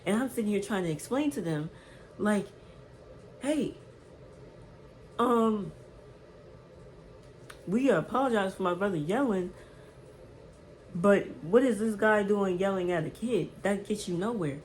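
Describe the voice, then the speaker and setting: Animated woman telling a storytime. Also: mid-range voice, unhurried, long pauses, a little hiss or hum, low-quality recording. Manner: animated, emphatic retelling with slang and repeated words. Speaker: vlogger. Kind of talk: casual storytime.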